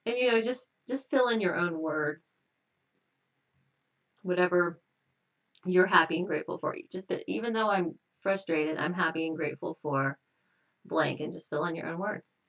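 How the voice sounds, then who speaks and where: A woman hypnotist at home, hosting a live stream and slowly leading repetitive guided tapping affirmations. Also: lowish voice, far from the mic. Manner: slow, repetitive, gently affirming.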